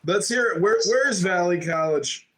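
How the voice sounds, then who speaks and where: A man hosting a livestream, mocking and taunting a caller in a loud, heated debate. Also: high-pitched, animated, moderate pace, crowd noise. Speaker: livestream host.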